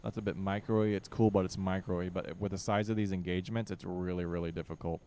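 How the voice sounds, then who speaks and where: A man's voice: sits low, steady tone, a little fast, warm tone, a little hiss or hum. A young man giving casual commentary while playing a strategy game, barking orders at his units and grumbling with joking exasperation. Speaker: gaming channel host.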